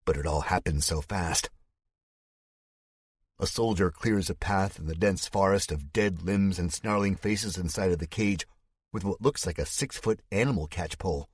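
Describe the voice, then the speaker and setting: A man narrating a thriller audiobook in the first person, in a measured, somber storytelling tone. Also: sits low, breathy edge, no room sound, clean studio sound.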